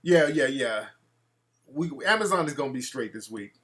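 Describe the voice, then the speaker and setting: A man's voice: medium pitch, expressive, moderate pace, a bit bright. A man hosting a casual call-in show, talking in a brash, profane way and reacting to his live chat. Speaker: talk show host.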